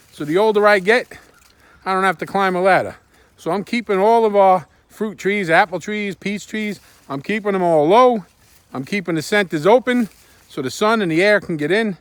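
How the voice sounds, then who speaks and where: A man's voice: high voice, dry recording. A man chatting enthusiastically while working outdoors in his garden, recorded on a camera held by a helper. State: out of breath at times. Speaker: homestead vlogger. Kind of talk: casual garden vlog.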